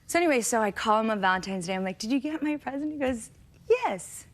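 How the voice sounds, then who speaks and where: A woman's voice: fairly high pitch, lively intonation, rapid-fire. A woman guest on a late-night talk show, chatty and giggly as she tells stories. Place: TV studio with audience.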